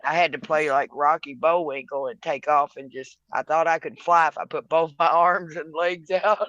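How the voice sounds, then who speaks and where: A man calling in to a podcast, telling stories in an excitable way and laughing as he goes. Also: fairly high pitch, normal speed, no room sound. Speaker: caller. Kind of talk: casual storytelling.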